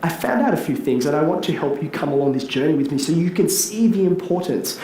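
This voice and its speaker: Animated man speaking in hall. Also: on the high side, quick pace, slight background noise. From Australia. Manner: animated, asks the audience questions. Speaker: teacher giving a public talk. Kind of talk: public speech. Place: large hall with audience. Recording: echoey hall, faint ambience.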